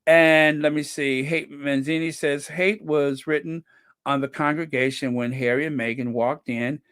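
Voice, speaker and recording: A man hosting a casual livestream, reading viewer comments aloud slowly and chuckling between them. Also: a little high, steady tone, fairly bright tone, clean tone, no echo, studio quality. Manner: slow and chatty, reads comments aloud with frequent "let me see" and chuckles. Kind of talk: casual live-chat commentary.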